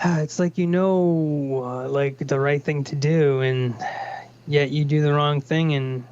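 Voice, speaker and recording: A man co-hosting a livestream over an online call, speaking in a halting, sighing way and swearing casually. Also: fairly high pitch, fairly even intonation, a little mellow, clear, resonant tone, no room sound, dull audio. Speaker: co-host.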